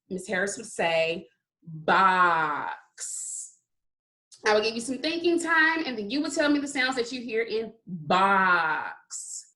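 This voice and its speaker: A woman teaching a phonics lesson to young children, sounding words out slowly and praising often. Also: fairly high pitch, bright, forceful tone. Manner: slow, drawn-out sounding out of words; encouraging, repeated praise. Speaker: kindergarten teacher.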